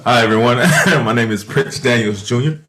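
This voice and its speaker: A man's voice: mid-range voice, moderate pace, a bit bright. A man guesting on a podcast as a performance mentor, talking casually with lots of fillers and restarts. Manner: hesitant, many fillers and restarts, laughs easily. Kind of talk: casual interview chat.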